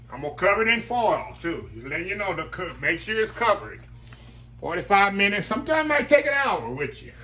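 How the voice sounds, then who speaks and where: A man's voice: on the high side, bright, forceful tone, slight background noise. A man hosting a casual home cooking demonstration in his kitchen, talking folksily to viewers as "y'all" and savoring the food aloud. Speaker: cooking channel host.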